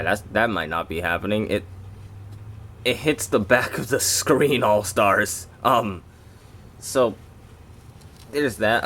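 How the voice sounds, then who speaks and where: A man's voice: fairly low pitch, fairly bright tone, slight background noise. A man doing a casual toy review, rambling and breaking off into jokey asides to his viewers.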